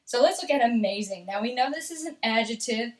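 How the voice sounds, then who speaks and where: A woman's voice: fairly high pitch, expressive. A woman from Texas, teaching an English pronunciation lesson. She speaks patiently and checks in with "okay?" again and again. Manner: patient, slow, repeats "okay?" often. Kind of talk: accent lesson.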